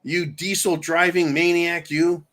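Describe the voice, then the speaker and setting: A man's voice: fairly high pitch, flat delivery, unhurried, fairly bright tone. A man hosting a show, ranting angrily with profanity and reading out viewer comments. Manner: angry, profane, reads viewer comments aloud. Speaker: host.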